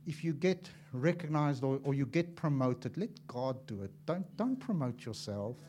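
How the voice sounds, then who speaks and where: A man preaching a sermon as an evangelist, impassioned and swinging from loud to hushed, acting out little dialogues as he tells stories. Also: mid-range voice, lively intonation, normal speed, slight background noise. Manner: acts out dialogue in storytelling.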